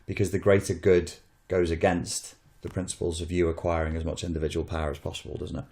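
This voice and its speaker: A Northern English man hosts a casual podcast chat in a very deep voice. He talks in long, opinionated runs, swearing freely as he goes. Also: fast, gravelly. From Northern England. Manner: animated, swearing, opinionated and rambling. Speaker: podcast host.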